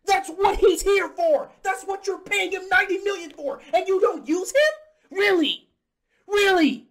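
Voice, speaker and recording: A man delivering a heated, exasperated fan rant about his basketball team, breaking into shouts. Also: very high voice, animated, moderate pace. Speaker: sports commentator.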